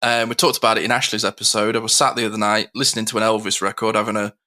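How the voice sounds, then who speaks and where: Bright-voiced man, heartfelt chat. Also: on the low side, little pitch movement, racing. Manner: heartfelt, rambling with many fillers. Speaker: co-host. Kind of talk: casual podcast chat.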